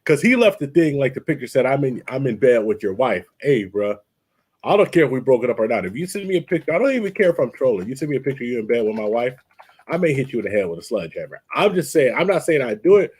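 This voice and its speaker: A man hosting a casual live-stream talk show, telling animated stories and mimicking people in quotes. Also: mid-range voice, quick pace, slightly rough. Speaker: podcast host.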